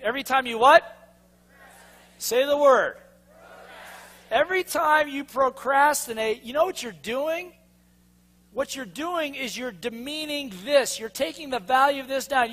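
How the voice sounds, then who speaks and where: A man with a very high, bright, forceful voice drives a motivational seminar. He speaks in punchy bursts and keeps pulling answers from the audience. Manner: energetic, punchy, constantly asks the audience to respond. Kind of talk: seminar talk to a live audience.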